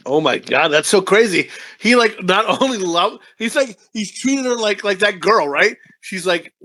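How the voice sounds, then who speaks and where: A man's voice: high-pitched, expressive, brisk, hardly any pauses, sharp tone, no room sound. A man co-hosting a movie review podcast, talking in a crude, rambling way, swearing constantly and laughing often. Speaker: podcast co-host.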